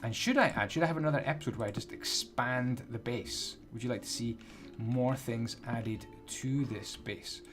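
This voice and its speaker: A man's voice: mid-range voice, moderate pace. A man giving casual, playful commentary as he builds in a video game, counting blocks aloud as he goes. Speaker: Minecraft builder and tutorial host. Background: background music.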